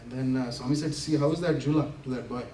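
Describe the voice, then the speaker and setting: Brief: man, speaker at a community center, animated storyteller who laughs through the punchlines; recorded from afar in an echoey hall. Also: mid-range voice, fast talker, a crowd in the background. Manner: animated, laughing often while acting out quotes. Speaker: invited speaker. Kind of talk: storytelling talk to an audience. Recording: roomy hall from a distance, faint ambience.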